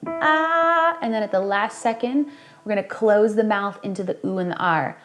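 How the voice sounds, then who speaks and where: A young woman coaching singers through a worship song, explaining technique calmly and demonstrating with bright sung examples. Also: medium pitch, fairly quick, faint music behind. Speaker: vocal coach. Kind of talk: singing lesson with sung demonstrations.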